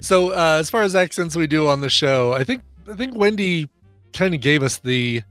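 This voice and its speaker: A man co-hosting a podcast in casual banter, chatty and quick to agree and laugh. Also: a little high, animated, a bit bright, no room sound, faint music behind. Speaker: podcast co-host.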